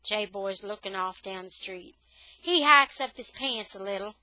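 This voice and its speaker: A woman reads a children's novel aloud for English learners. She takes her time, slow and careful, acting out the feelings of the story with a bright, clear voice. The recording is close and dry. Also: mid-range voice, dry recording, low-quality recording. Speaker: reader, English tutor.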